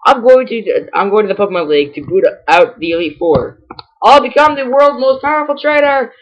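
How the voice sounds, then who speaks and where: A man's voice: sits high, expressive, fairly quick, highs cut off. A man reading out the lines of a cocky teenage boy rival trainer, breezy and boastful. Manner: reading game text aloud, breezy and boastful.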